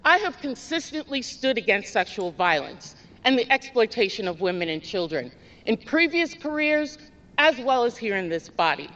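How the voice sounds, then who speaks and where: A woman's voice: fairly high pitch, very animated, normal speed, fairly bright tone, muffled recording. Firm woman politician in a reverberant chamber. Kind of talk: formal prepared statement.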